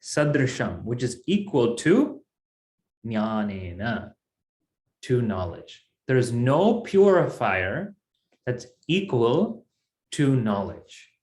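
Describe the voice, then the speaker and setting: A man's voice: mid-range voice, sing-song, takes it slowly, a little mellow, reverberant. A man teaching a Sanskrit class, explaining patiently step by step. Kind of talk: online language class.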